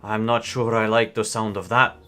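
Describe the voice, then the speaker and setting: A man's voice: on the low side, level tone, moderate pace, pushed and bright, soft background music. A man running a tabletop role-play as game master, narrating casually and voicing the characters. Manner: casual, with fillers.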